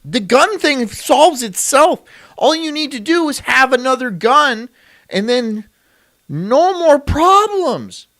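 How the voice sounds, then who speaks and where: A man's voice: extremely high pitch, sing-song, takes it slowly, fairly bright tone. A man streaming, chatting casually in a crude, rambling way and laughing often.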